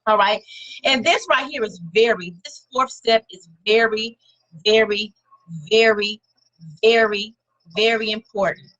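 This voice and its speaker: A woman's voice: fairly high pitch, normal speed, a bit bright, dull audio. A woman giving a casual motivational talk to her viewers, encouraging and conversational, leaning on repeated words for emphasis. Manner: speaks directly to viewers and names them.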